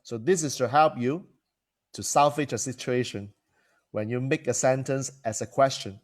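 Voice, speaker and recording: A man's voice: mid-range voice, moderate pace. Man coaching with rhetorical questions. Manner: repeats and restarts phrases, asks rhetorical questions. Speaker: coach and trainer. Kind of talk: teaching talk to camera.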